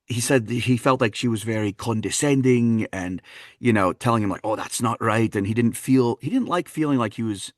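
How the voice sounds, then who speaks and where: A man from Wisconsin, a dialect coach, telling stories on a podcast in an animated, laughing way. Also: mid-range voice, brisk, dry recording, clean studio sound. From Wisconsin, USA. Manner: animated, laughing, fond of voicing characters. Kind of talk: anecdotal storytelling in a podcast interview.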